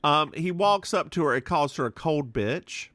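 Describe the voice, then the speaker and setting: Lively, bright-voiced man recapping a show. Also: on the high side, moderate pace, no room sound. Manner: animated, acts out quotes in voices; swears freely. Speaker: podcast co-host. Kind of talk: casual recap chat.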